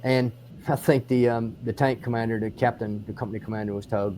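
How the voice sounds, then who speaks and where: An Australian man recounts a battle outdoors on the old battlefield, as a historian and author. His voice is mellow and of middling pitch, and his delivery is animated and detailed, full of restarts. A faint noise sits behind him. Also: brisk. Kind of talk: on-site battlefield explanation.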